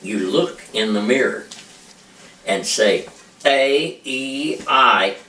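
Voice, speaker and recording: A man, a preacher, giving an informal ventriloquism lesson with slow, patient, drawn-out demonstrations. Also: medium pitch, lively intonation, pushed and bright, a little hiss or hum. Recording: echoey room, mic far off.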